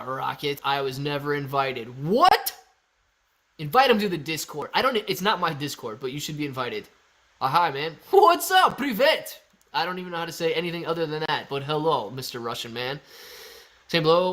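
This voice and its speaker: A young man hosts a casual livestream from a storage-style room at home, using his phone as the camera. He reads chat aloud and answers viewers in a loose, laid-back, jokey way, calling them dude and man. His voice is a little high and a bit bright.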